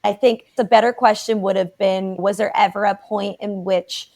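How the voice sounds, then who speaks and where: A woman's voice: mid-range voice, fairly even intonation, moderate pace, a little mellow. A woman hosting a podcast interview, asking questions and offering short supportive responses. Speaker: podcast host. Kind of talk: interview conversation.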